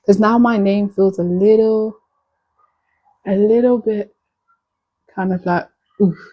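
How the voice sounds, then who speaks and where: A woman from Nigeria chats with her live-stream viewers, playful and a little flirtatious. Her voice is warm and mellow at a middle pitch, easygoing and teasing as she answers comments. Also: steady tone, takes it slowly, poor audio. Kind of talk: casual live-stream chat.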